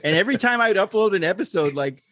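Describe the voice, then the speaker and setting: A man's voice: high voice, expressive, rapid-fire, a bit bright, no echo, studio quality. A man from Texas, co-hosting a casual podcast chat, laughing often and swearing casually. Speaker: podcast co-host.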